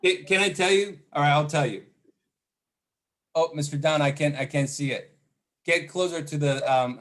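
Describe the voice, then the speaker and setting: A man giving a motivational training talk over a video call, often repeating words and quizzing his audience. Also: a little high. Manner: doubles words, asks the audience questions.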